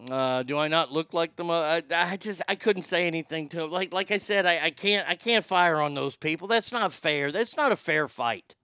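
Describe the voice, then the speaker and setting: A man's voice: on the high side, moderate pace, hardly any pauses, pushed and bright, smooth, no room sound, studio quality. A middle-aged man hosting a show, telling a story in a casual, profane rant with a lot of stammered restarts. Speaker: show host. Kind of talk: casual ranting monologue.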